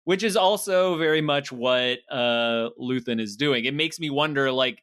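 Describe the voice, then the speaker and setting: A man's voice: medium pitch, measured pace, fairly bright tone, clean tone, dry recording, studio quality. A man co-hosting a podcast, talking through ideas thoughtfully and analytically in a casual chat. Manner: thoughtful, analytical, laughs easily. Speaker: podcast co-host.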